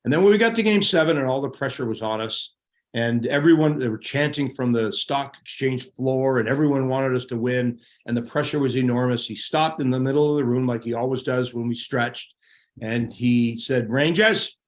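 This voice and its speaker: Middle-aged male guest, lively anecdotal storyteller, mid pitch. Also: normal speed. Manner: animated, laughing anecdotes. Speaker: guest, former hockey goalie. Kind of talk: casual storytelling.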